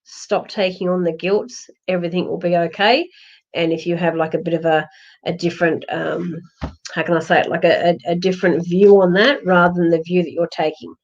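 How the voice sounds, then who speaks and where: A woman's voice: on the low side, steady tone, fairly quick. Aussie lady psychic doing live readings, soothing, lots of ums and restarts, kinda muffled webcam audio. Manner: reassuring, rambling with many fillers and restarts. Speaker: psychic medium. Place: home, during a lockdown. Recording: dull lo-fi livestream audio.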